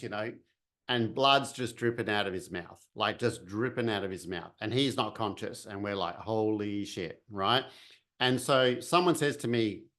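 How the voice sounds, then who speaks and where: Aussie guy telling a story, chatty, acts out the voices and sounds, middle pitch. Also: fairly bright tone. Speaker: vlogger telling a personal story. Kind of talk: casual storytelling.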